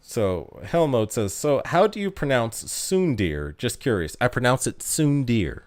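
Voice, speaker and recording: A man's voice: mid-range voice, wildly swooping pitch, measured pace. A man streaming live, chatting casually with viewers, reading out their comments, laughing often and tripping over his words.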